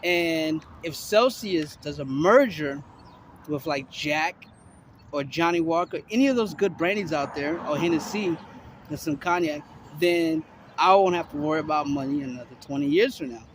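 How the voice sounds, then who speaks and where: A man's voice: a little high, normal speed, background noise. A man in his forties from Miami, Florida, talking to camera in a loose, rambling way, full of swearing and fillers. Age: 40s. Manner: loose, profane, heavy filler talk. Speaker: vlogger. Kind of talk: rambling casual monologue to camera. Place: outdoors on a city street.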